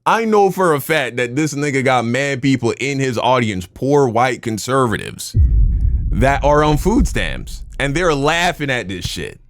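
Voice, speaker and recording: A man's voice: mid-range voice, lively intonation, a little slow, soft background music. A man reacting to clips on a stream, talking bluntly and emphatically, with casual swearing.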